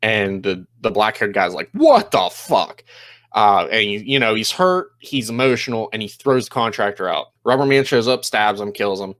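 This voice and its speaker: A man talking through an episode recap in a loose, rambling way, full of "you know" and "um", slipping into quick quoted lines as he goes. His voice sits somewhat low. The sound is dry and close, with little room echo. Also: sharp tone. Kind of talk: casual spoken recap.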